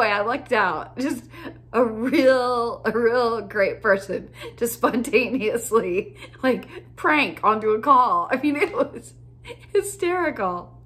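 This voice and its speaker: A woman's voice: a little high, takes it slowly, fairly bright tone. A woman coach casually telling a funny story, easygoing, with frequent fillers and laughter. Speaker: joy coach.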